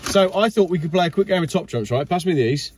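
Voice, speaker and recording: Middle-aged man, casual host chat, enthusiastic, slightly higher voice, faint background noise. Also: animated, fast talker, darkish tone. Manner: chatty, enthusiastic, laughs easily.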